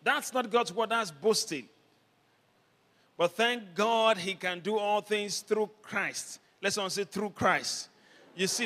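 A man preaching a sermon as pastor, leading the congregation in call-and-response and building up to shouts. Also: sits high. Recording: long hall reverb.

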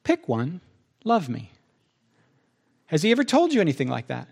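Animated man preaching a sermon. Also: fairly high pitch, normal speed, vocal fry, breathy edge. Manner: animated, acts out both sides of conversations with God. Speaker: pastor.

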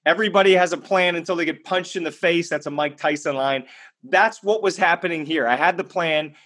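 A man with a slightly high-pitched voice delivering a motivational talk. He speaks emphatically and bluntly, storytelling with energy. He poses rhetorical questions and answers them himself. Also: fairly quick, a bit bright. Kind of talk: motivational monologue.

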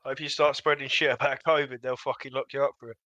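A man chatting casually with friends, laughing, swearing and throwing in quick jokes. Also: medium pitch, level tone, bright, forceful tone, dry recording, highs cut off. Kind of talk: casual chat among friends on a call.

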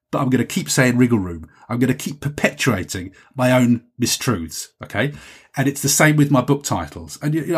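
A man's voice: medium pitch, slightly rough. A man hosting a solo podcast, chatting in a rambling, self-deprecating way as he reads out listener messages. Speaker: podcast host.

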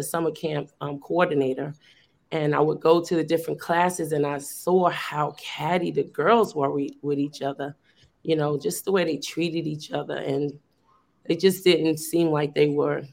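Woman teacher on a video call, kinda gravelly, pretty monotone, rambles earnestly with lots of you know. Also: low voice. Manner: earnest, rambling with many fillers and restarts. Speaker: teacher and youth program founder. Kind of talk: casual conversational sharing.

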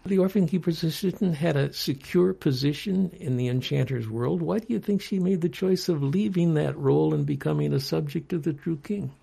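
A man reading his own story aloud in an earnest, measured way. His voice is dark and gravelly, slightly husky. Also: a little high. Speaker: storyteller and co-author.

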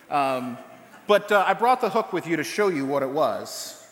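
A man with a slightly raised pitch preaches in a loose, conversational way, full of "uh"s, "like"s and restarts. His voice rings through a large echoey church hall with a long reverb tail. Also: very animated, moderate pace, a bit bright. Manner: casual, rambling storytelling with many fillers and restarts. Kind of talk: sermon with a personal story.

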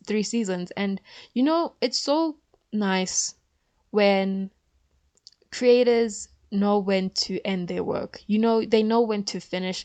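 A woman's voice: mid-range voice, a little mellow, no echo. A woman vlogging in a casual chat, chatty and opinionated, with frequent fillers.

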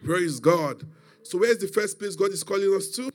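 Brief: male preacher, high voice, emphatic call-and-response sermon. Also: lively intonation, moderate pace.

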